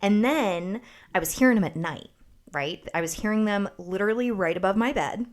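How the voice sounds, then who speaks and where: A woman hosts a podcast, spinning a story in loose, casual chat. She is sarcastic and swears freely, with lively delivery. Her voice sits at an ordinary middle pitch. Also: normal speed. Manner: animated, profane, sarcastic storytelling. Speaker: podcast host.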